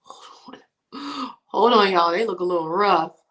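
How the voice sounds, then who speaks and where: A chatty woman talks her viewers through her makeup while catching up with them, tossing out y'all and girl as she goes. Her voice sits at an ordinary middle pitch. The sound bounces around an echoey room. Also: animated, unhurried, fairly bright tone. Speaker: beauty livestream host. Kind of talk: casual chat while doing makeup.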